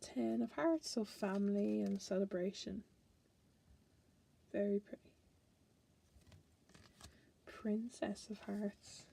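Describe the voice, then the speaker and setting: A woman's voice: medium pitch, steady tone, slow, vocal fry, pauses often, dark tone, husky. A woman tarot reader chatting casually through a card deck, playful and giggly.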